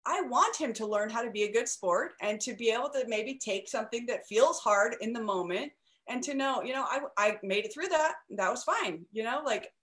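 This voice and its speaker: A woman's voice: fairly high pitch, lively intonation, moderate pace, fairly bright tone. A woman hosting a parenting podcast, talking casually, laughing often and restarting her sentences. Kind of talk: casual conversation.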